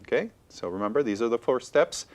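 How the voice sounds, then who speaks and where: A man's voice: mid-range voice, expressive, fairly quick. A man teaching a bilingual televised Spanish lesson, encouraging and checking in with students with frequent okays.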